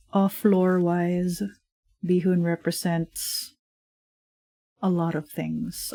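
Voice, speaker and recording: A woman streams herself drawing and chats along in a slow, unhurried, rambling way, with many fillers and frequent laughs. Her voice sits at a medium pitch, and the recording is dry and close at a desk microphone at home. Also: warm tone, dry recording. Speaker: streamer and digital artist. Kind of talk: casual livestream chat while drawing.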